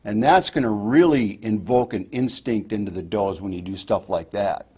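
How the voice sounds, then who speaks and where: A man teaching hunters fawn calls, explaining each step in a relaxed instructional way. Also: fairly low pitch, normal speed, husky. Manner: explains step by step, demonstrates softly. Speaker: hunting call instructor. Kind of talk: instructional talk.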